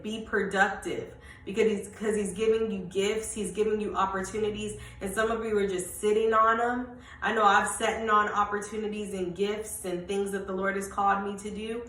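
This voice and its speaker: A woman's voice: mid-range voice, fairly bright tone, roomy sound, distant mic, poor audio. A woman giving a Christian encouragement talk for her channel, who repeats her key phrases and proclaims them over and over. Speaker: Christian vlogger. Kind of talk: faith encouragement vlog.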